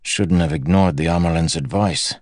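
A man's voice: low-pitched, moderate pace, a little mellow, no room sound, clean studio sound, natural voice. A man voicing a blunt male tower guard in an audiobook, matter-of-fact.

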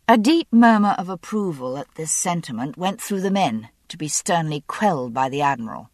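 A woman reads a first-person novel aloud with wry, expressive phrasing. Her voice is low, and the recording is dry and close. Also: normal speed, few pauses, no echo. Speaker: audiobook narrator.

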